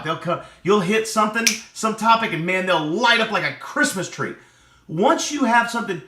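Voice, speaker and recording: Animated, bright-voiced man teaching. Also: high voice. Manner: animated, with rhetorical "right?" checks. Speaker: sales and relationship coach. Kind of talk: teaching talk to camera. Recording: echoey room.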